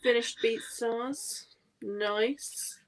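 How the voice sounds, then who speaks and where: A woman's voice: on the high side, fairly even intonation, drawn-out words. A woman hosting a casual late-night reading chat with friends, chatty and prone to singing snatches of songs. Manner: chatty, breaks into snatches of song. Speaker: readathon host.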